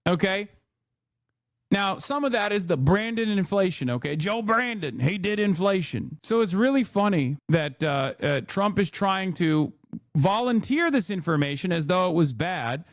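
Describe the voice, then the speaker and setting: A man's voice: high voice, lively intonation, moderate pace, dry recording, clean studio sound. A young man hosting a live political stream, reading out posts and mocking them with a sarcastic, scornful manner. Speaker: political livestream host.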